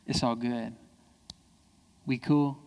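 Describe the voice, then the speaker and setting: A man giving an animated, playful keynote talk, acting out family dialogue in other voices. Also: takes it slowly, clean tone, highs cut off. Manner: playful, jumps into high voices when quoting kids. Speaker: keynote speaker. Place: civic center hall. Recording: long reverb of a large hall.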